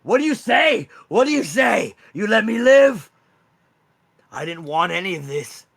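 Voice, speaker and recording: A man's voice: sing-song, a little slow, gravelly, a bit bright, full character voice. A man voicing a cornered male Wendigo monster who begs frantically for his life. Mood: pleading. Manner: high, frantic begging.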